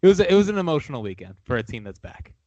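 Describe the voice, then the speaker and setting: A man's voice: on the high side, very animated, racing, warm tone, no echo. A man, a guest on a podcast, in casual sports chat, opinionated and enthusiastic. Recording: dull lo-fi recording.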